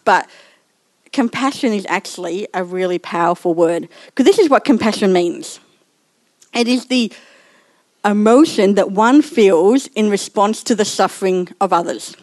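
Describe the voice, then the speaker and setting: A woman's voice: medium pitch, dry recording. A woman giving a sermon in a personal, chatty way and laughing at herself now and then. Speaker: church speaker.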